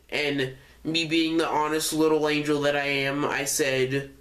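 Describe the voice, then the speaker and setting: A man's voice: medium pitch, little pitch movement, moderate pace, gravelly, few pauses, fairly bright tone. A young man telling a casual storytime, rambling and correcting himself often with lots of fillers. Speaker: vlogger.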